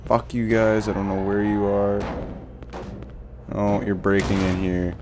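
A young man commenting on his gameplay, swearing and ranting in frustration between quieter muttering. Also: lowish voice, little pitch movement, measured pace, background noise. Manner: angry, swearing, frustrated outbursts. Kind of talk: let's play commentary.

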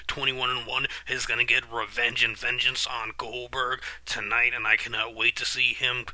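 A man hosting a reaction channel, giving excitable live commentary on a wrestling match and swearing when outraged. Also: mid-range voice, no echo.

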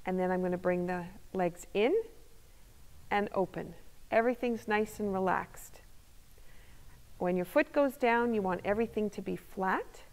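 Calm female movement instructor, mid-range voice, demonstrating as she explains; recorded with a lingering hall echo. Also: mid-range voice, unhurried, pauses often. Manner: calm, step-by-step demonstrating while speaking. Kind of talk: guided exercise instruction. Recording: long reverb of a hall.

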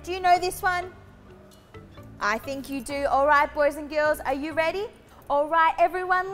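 A woman's voice: high voice, in a large hall. A woman hosting a children's story and singalong, reading aloud and cheering the kids on directly. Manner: bright, encouraging, addresses kids directly.

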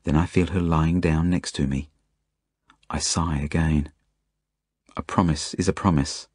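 Deep, husky Australian storyteller. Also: male voice, fairly even intonation, a little slow, a little mellow, dry recording, studio quality. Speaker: author reading his own novel. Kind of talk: audiobook narration, first person.

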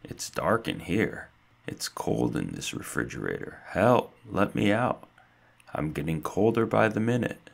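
A man voicing a tiny, plucky young male mouse in a storybook reading, calling out loudly at times. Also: rumbling low, wildly swooping pitch, unhurried, gravelly, husky, pitched below the performer's own voice, full character voice. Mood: alarmed. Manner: calls out loudly for help.

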